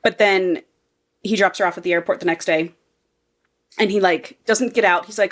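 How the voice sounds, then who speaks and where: A woman's voice: mid-range voice, moderate pace, long pauses. A woman co-hosting a podcast, casually and profanely recapping a romance novel and acting out its characters as she goes. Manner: chatty, profane, acts out characters while recapping. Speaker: podcast co-host. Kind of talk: casual book-review chat.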